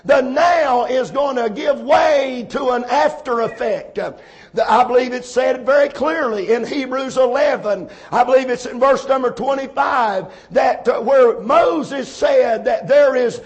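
A man preaching in a strikingly high voice. He talks slowly and deliberately, repeating phrases and building to shouted points. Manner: slow, preaching cadence that builds to shouted emphasis. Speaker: pastor. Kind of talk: sermon with opening prayer.

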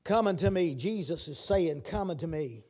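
A man preaching a sermon, repeating his words and building to shouted calls. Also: a little high, animated, normal speed.

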